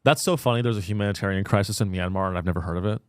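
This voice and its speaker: A man's voice: low voice, very fast, clear, resonant tone, no room sound, studio quality. A man hosting a comedy podcast, talking in casual, irreverent banter with a sarcastic, crude edge. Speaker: podcast host.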